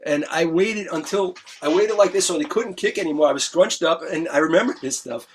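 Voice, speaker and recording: A man's voice: on the high side, a little fast, few pauses, husky. A middle-aged man, telling his story in an interview in an earnest, emphatic way and repeating his key words. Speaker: guest musician. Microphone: remote interview mic.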